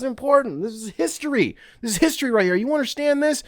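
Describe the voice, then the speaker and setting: A male podcast host opening a gift on his show in his own room. He gets excitable, bursts into shouts and laughter, and swears casually. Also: extremely high pitch, fast talker, no echo, clean studio sound. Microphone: podcast mic, headphones taken off.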